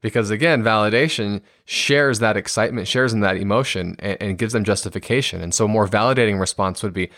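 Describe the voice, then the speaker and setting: A man's voice: fairly low pitch, fast talker, few pauses, fairly bright tone, no echo, studio quality. A man in his thirties hosting a solo podcast episode, explaining ideas earnestly and acting out example replies with bursts of enthusiasm. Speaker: podcast host and speaker on communication.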